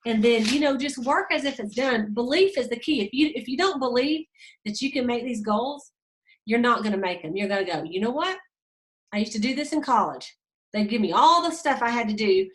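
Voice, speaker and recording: A woman's voice: fairly high pitch, expressive, a little fast, low-quality recording. A woman hosting a motivational sales team call, upbeat and folksy, coaching her team. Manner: upbeat, pep-talk, folksy.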